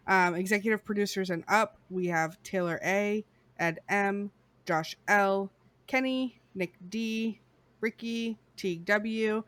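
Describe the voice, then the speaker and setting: A woman co-hosting a podcast in casual chat, reading shout-outs in a playful way. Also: medium pitch, dry recording. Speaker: podcast co-host.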